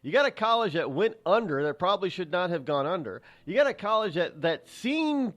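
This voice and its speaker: A man's voice: high voice, big pitch swings, brisk, a bit bright, highs cut off. Sarcastic male talk radio host. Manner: sarcastic, rambling with frequent restarts. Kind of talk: opinionated talk radio monologue.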